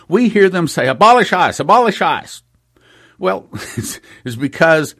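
A man preaching an emphatic spoken sermon, repeating phrases and acting out the voices he quotes. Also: a little high.

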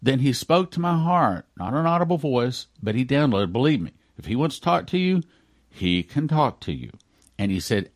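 A male pastor delivers a radio sermon with earnest conviction. His mid-range voice rises into loud emphasis, then sinks to hushed, near-whispered lines. The recording is dry and close, with no room sound. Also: mid-range voice, sing-song, normal speed, dry recording.

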